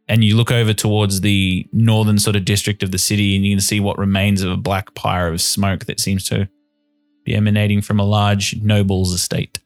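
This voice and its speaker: A man's voice: on the low side, flat delivery, moderate pace, no room sound, soft background music. A man narrating as game master of a tabletop game, descriptive with frequent ums and uhs.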